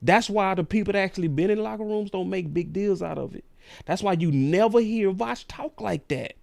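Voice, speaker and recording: A man's voice: sits high, normal speed, gravelly, darkish tone, no echo. A man hosting a sports talk show, ranting in a casual, slangy way.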